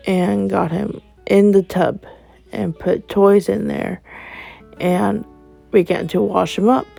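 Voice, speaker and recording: Slow gravelly woman telling a story. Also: medium pitch, warm tone. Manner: rambling, strings events with "and then". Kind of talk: improvised storytelling.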